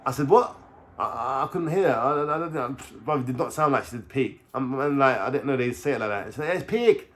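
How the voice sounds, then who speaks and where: A man, telling a story in his vlog in animated street slang and swearing heavily. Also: mid-range voice, quick pace, hardly any pauses. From London. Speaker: vlogger.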